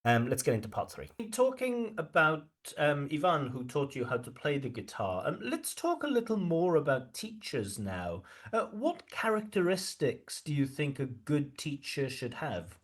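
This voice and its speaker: A man's voice: a little high, wildly swooping pitch, moderate pace, few pauses. A man working as an IELTS examiner, talking through a recorded speaking test with a chatty, explanatory manner full of fillers. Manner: explanatory, chatty, many "you know" fillers. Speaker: IELTS examiner giving feedback.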